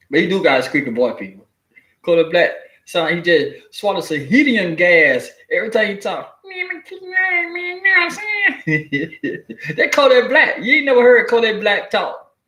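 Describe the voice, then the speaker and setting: A man's voice: high voice, fairly bright tone, reverberant. A man giving casual spoken commentary, loose and profane, telling stories with mock quotes. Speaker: commentary vlogger.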